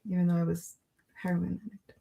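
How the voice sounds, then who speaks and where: A woman's voice: lowish voice, little pitch movement, a little fast, creaky, dark tone. A woman co-hosting a casual live-stream chat, talking freely as she loses her voice. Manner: chatty, reads viewer comments aloud. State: losing her voice. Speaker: podcast co-host.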